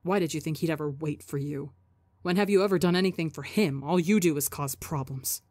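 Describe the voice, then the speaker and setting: A woman's voice: low-pitched, a little fast, mellow, no echo. A woman voicing a cruel, taunting inner voice in a storybook reading. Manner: nasty, taunting.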